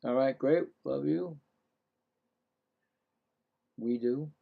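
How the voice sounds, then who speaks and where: A man's voice: medium pitch, extremely slow, vocal fry, narrow, tinny audio. A middle-aged man giving casual live baseball play-by-play, rambling and correcting himself with chatty asides. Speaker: play-by-play streamer.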